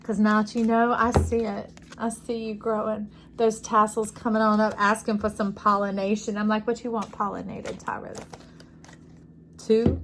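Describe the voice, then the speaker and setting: A woman's voice: mid-range voice, little pitch movement, normal speed, few pauses, a little hiss or hum. A woman giving an intuitive tarot reading to camera, effusive and preachy, often checking in with the listener. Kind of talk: casual spiritual reading to camera.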